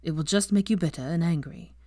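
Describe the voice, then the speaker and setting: A woman voicing a grown man, a gentle wizard, in a lowered, hushed, tender voice. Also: fast, no echo, clean studio sound.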